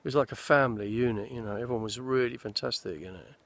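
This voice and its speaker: A fast-talking man with a creaky, fairly bright, mid-range voice is heard without echo. In his sixties and an actor, he chats casually in a forest, meandering through anecdotes of his film career and often starting over.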